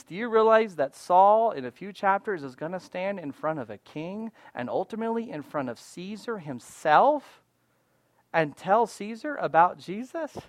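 A pastor preaching a sermon, reading scripture aloud and commenting on it, swinging between loud emphatic rises and soft asides. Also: medium pitch, sing-song, moderate pace, no echo.

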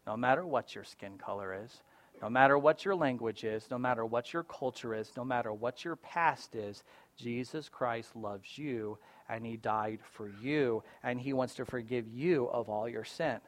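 At a moderate pace and mid-range pitch, this pastor keeps his sermon relaxed and conversational. He frequently asks "right?" and moves between loud emphasis and quiet asides.

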